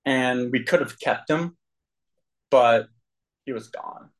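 A man sharing his personal recovery story with a group, earnest and candid, with frequent throat clearing. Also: medium pitch, slow pace, low-quality recording.

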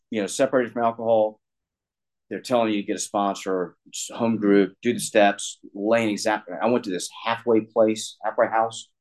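A middle-aged man with a very low, deep voice tells a personal story candidly. He rambles and often restarts his sentences. His tone toward himself is self-deprecating. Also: low-quality recording. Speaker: guest sharing recovery story.

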